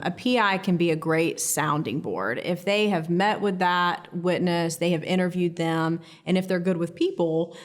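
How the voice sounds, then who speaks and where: A woman criminal defense attorney explaining her practice in a measured way, with frequent ums and uhs. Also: lowish voice. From United States. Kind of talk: professional legal education interview.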